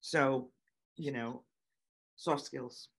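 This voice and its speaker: A middle-aged woman, a guest on an interview show, telling lively stories with many fillers and giving emphatic advice. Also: a bass voice, very slow, slightly rough. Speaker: guest, nonprofit founder and autism parent. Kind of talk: conversational storytelling interview.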